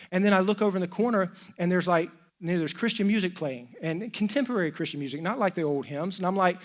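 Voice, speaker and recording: A middle-aged man preaching from a church stage, telling a personal story in a lively, chatty way and acting out the dialogue. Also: sits high, fast talker. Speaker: pastor. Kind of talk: storytelling sermon.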